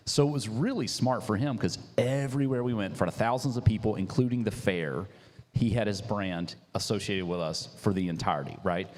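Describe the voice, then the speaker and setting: A young man, a coffee business founder, telling his story in a casual interview, animated and slangy, acting out what people said. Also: lowish voice, fairly quick. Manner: animated, slangy, acts out quotes. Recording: reverberant hall.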